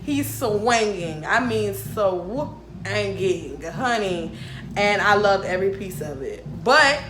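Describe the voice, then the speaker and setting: A woman in her twenties telling a storytime vlog, animated, frank and profane, laughing often. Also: medium pitch, roomy sound. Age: 20s. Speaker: vlogger. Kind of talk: casual storytime monologue.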